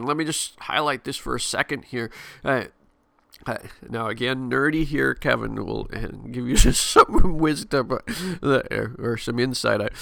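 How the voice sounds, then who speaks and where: A middle-aged man talks through a casual devotional podcast episode, rambling and correcting himself as he goes. His voice is bright and forward, recorded close and dry with no room sound. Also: mid-range voice, gravelly, dry recording. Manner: chatty, rambling, frequent fillers and self-corrections. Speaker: podcast host.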